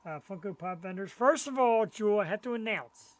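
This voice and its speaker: A man's voice: high-pitched, expressive, fairly quick, dry recording. A middle-aged man co-hosting a live web show, chatting enthusiastically about his collectibles. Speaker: co-host. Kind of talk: casual live-show chat.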